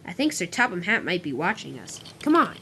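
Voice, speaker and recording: A woman's voice: lowish voice, very animated, fairly quick, creaky, pushed and bright, slight background noise, voice pushed down, exaggerated voice. A woman voicing a cheeky, whiny male dump truck who grumbles in a toy-train story.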